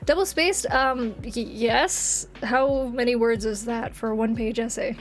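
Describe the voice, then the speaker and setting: A woman's voice: on the high side, measured pace. Chatty, congested woman streamer. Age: late 20s. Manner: chatty and rambling, laughs often. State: congested, throat clearing. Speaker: game streamer. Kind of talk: casual chat with viewers.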